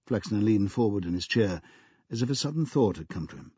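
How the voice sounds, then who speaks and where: Male audiobook narrator, husky, dry close sound, measured delivery. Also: fairly low pitch, expressive, warm tone, no echo, lo-fi sound. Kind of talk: scripted narration.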